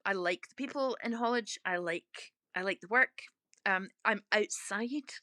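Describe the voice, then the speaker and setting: A Scottish woman in her sixties talking in an interview, emphatic and outspoken with quick laughs. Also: medium pitch, sharp tone, no room sound. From Scotland. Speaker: interviewee, author turned lorry driver. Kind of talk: casual interview talk.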